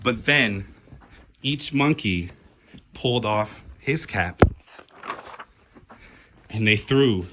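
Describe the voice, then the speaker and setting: A man reading a children's picture book aloud, slow and animated, calling out the characters' lines. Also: mid-range voice, slight background noise. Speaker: storybook reader.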